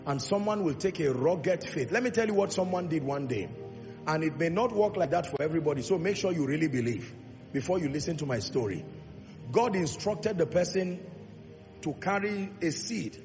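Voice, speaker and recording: A man preaching a sermon in a church, calling for congregation responses and swelling to loud, emphatic peaks, drawing out key words slowly. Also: fairly high pitch, animated. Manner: drawn-out, slow emphatic delivery on key points. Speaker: pastor. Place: large church hall. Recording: long hall reverb with faint music.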